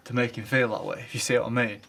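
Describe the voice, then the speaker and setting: A man, speaking hesitantly and haltingly in an interview. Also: mid-range voice, level tone, gravelly, a bit bright, a little hiss or hum. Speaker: shop worker.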